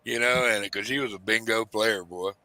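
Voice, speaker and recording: A man's voice: lowish voice, steady tone, moderate pace, sharp tone, no echo. A middle-aged man telling a rambling story in casual chat, acting out his parents' lines in a raised voice.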